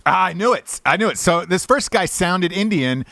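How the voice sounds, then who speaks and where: A man hosting a podcast, telling a story in a casual, animated way with frequent swearing. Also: high-pitched, moderate pace, creaky, no room sound, clean studio sound. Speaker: podcast host.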